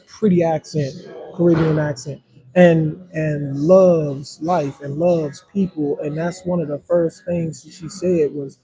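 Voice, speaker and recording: An adult man with a hundred-year-old grandmother hosts a casual livestream, rambling in a relaxed way and addressing his viewers directly as y'all. His voice sits on the high side, and the audio quality is poor.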